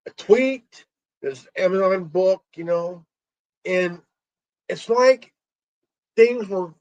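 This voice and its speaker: Halting, angry man ranting slowly. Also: sits high, a little mellow. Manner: halting, repeats words, swears, many ums. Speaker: stream host. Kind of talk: angry solo rant. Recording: dull lo-fi stream audio.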